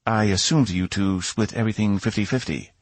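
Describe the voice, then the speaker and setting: A confident, haughty princess speaks with poise, as a man reading an audiobook puts her on. The voice stays husky and dry, lifted above the narration. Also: fairly low pitch, fairly quick, no echo, voice pushed up, natural voice. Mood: poised.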